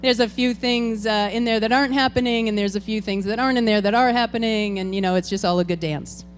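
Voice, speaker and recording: Chatty higher-voiced woman hosting a ceremony. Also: steady tone, fast, a little hiss or hum. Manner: chatty and informal, talking straight to the crowd. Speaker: board president hosting a farewell tribute. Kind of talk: ceremony address to a congregation. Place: church hall with an audience.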